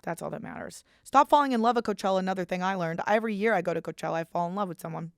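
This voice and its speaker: A young woman in her twenties hosts her podcast in a loose, rambling chat, poking fun at herself and swearing freely. Her voice carries a gravelly vocal fry, and the recording is close and dry, with no room sound. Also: fairly low pitch, racing, no echo. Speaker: podcast host. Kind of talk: casual chat.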